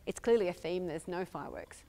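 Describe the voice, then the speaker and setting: A woman's voice: fairly low pitch, animated, fairly quick, vocal fry, dark tone. A woman with an Australian accent teaching a violin master class, asking probing questions and singing phrases aloud. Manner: encouraging, questioning, sings phrases.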